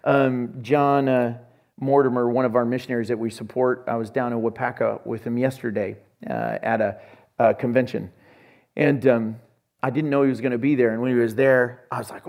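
A man's voice: medium pitch, steady tone, fairly quick, vocal fry, darkish tone. A man preaching a sermon as pastor, telling stories and acting out conversations. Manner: storytelling, acts out conversations.

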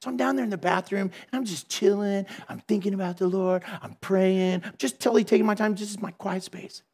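A middle-aged man giving a storytelling sermon in a lively, conversational way, laughing at himself. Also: high-pitched, a little fast, creaky. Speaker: Christian speaker.

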